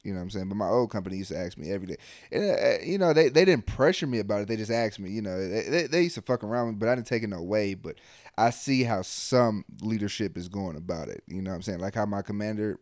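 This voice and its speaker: A man's voice: lowish voice, expressive, fast talker, darkish tone, dry recording. Laid-back soldier man, dry sound. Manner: loose, profane, trailing off into mumbles. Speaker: army soldier. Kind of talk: casual chat.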